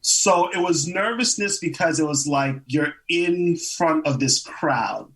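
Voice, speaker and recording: A man in his twenties, an actor guest, telling stories in a casual interview, animated, laughing often and acting out quotes. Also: a little high, slow, distant mic, low-quality recording. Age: 20s.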